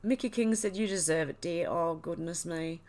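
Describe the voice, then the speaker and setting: An Australian livestream host reads live chat aloud while tearful and overwhelmed, crying and laughing at once. Her voice is fairly low and a little mellow, at normal speed.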